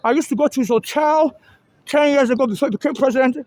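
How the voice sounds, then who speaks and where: Very high voice, agitated and repetitive, phone recording in a ferry terminal. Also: quick pace, darkish tone, no room sound. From Nigeria. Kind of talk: filming a confrontation, then a rambling monologue. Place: indoor public ferry terminal.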